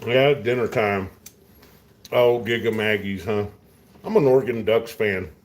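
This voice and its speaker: A man's voice: on the low side, measured pace. A middle-aged man with a West Texas accent, chatting casually with viewers over dinner in a laid-back, drawling way. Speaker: host. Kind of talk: casual chat while eating dinner.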